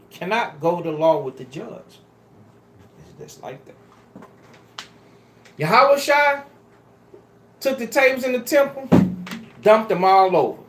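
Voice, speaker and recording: A man's voice: sits high, a little hiss or hum. A man preaching a sermon to a congregation, emphatic and pleading, with casual street-style phrasing. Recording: roomy echo.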